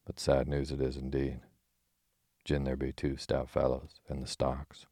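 A man voicing a gruff, quick-tempered tinker who speaks bluntly in old-fashioned words, in an audiobook reading. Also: rumbling low, completely flat delivery, warm tone, no echo, heavily acted. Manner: blunt, archaic speech, scolding.

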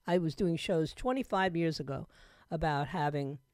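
A middle-aged woman hosting a talk radio show, talking in an emphatic, conversational way that swings between loud and hushed. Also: sits low, normal speed, dry recording, studio quality. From South Florida. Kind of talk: opinionated talk radio monologue. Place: radio studio. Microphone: studio microphone.

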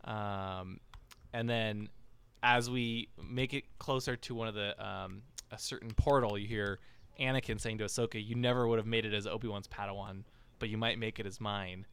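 A man's voice: lowish voice, fairly even intonation, moderate pace, a bit bright, clear, resonant tone. A man hosting a casual podcast discussion, talking in a rambling way with many fillers and restarts. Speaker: podcast host.

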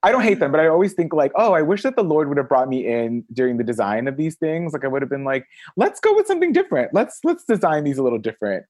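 A man guest on a podcast, chatting casually and telling stories with big acted-out quotes that jump high. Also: fast, few pauses, no echo. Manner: animated storyteller, acts out quotes in big high voices. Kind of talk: casual chat. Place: Los Angeles area.

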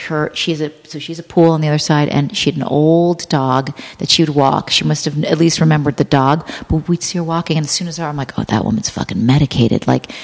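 A woman actress and improviser, a podcast guest who tells rambling, animated anecdotes full of "like". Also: low voice, big-room sound. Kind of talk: casual storytelling chat.

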